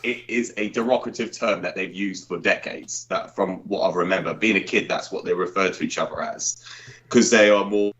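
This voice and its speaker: Low-voiced southern English man. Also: normal speed, a bit bright. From southern England. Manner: rambling, self-correcting explanations. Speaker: call-in guest. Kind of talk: casual group chat. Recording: dull lo-fi call audio.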